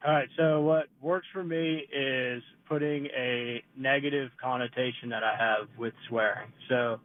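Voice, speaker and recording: A male caller on a radio show, calm and explanatory as he shares what works for him. His voice has a mid-range pitch and comes through a narrow, phone-like line with a dry sound. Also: a little slow, no echo. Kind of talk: phone-in advice.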